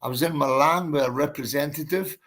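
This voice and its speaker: A man's voice: on the high side, brisk, a bit bright. A man, a boxer telling his story in a casual interview, blunt and emphatic, swearing and calling the listener mate and bro.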